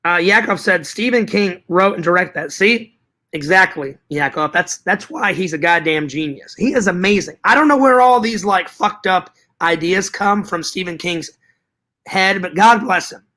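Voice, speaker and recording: A man hosting a live stream talks with a high, bright voice. He chats casually, answering his viewers' messages. His talk is animated and full of swearing, and he often says the same line twice. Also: normal speed. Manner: animated, profane, repeats himself. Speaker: live stream host reading chat.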